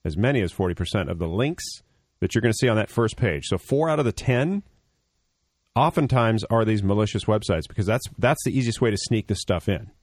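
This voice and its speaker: A man's voice: fairly low pitch, expressive, fairly quick, darkish tone, no echo. Man, radio tech show co-host, blunt, joking, long explanations, dry studio sound. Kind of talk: casual radio tech talk.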